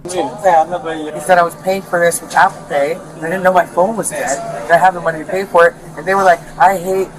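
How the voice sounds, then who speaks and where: A woman being questioned who rambles defensively in a rapid, garbled way. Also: lowish voice, fairly even intonation, poor audio. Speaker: detained shoplifting suspect. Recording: body cam audio with crowd noise.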